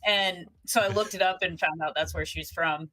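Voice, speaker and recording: A woman from the American South with a light Southern twang, a chatty storyteller who is quick to laugh in casual conversation. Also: fairly low pitch, fairly even intonation, bright, forceful tone, rough recording. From Southern United States. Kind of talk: casual chat.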